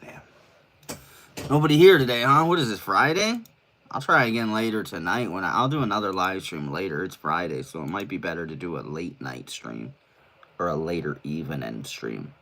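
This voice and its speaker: A laid-back man chats on a live stream from his room, drifting from one thought to the next and swearing casually. His voice sits low but has a bright, forward edge. He sounds short of breath throughout. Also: expressive, normal speed. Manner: laid-back, rambling, swears casually, says "dude" often. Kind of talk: casual solo livestream chat. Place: his own room, indoors.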